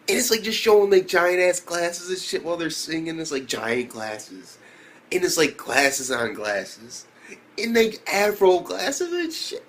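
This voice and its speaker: A young man reviewing an anime episode in a casual, excitable way, swearing a lot and breaking into loud exclamations. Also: sits high, measured pace. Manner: excitable, profane, full of fillers and loud exclamations.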